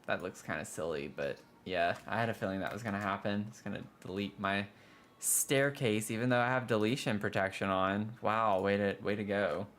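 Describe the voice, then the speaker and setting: A fairly low, steady male voice, a bit bright and at a moderate pace, talks through a livestreamed building game over a slight hiss or hum. The streamer chats casually, grumbles about bugs, and groans dramatically when things fail, clearly frustrated.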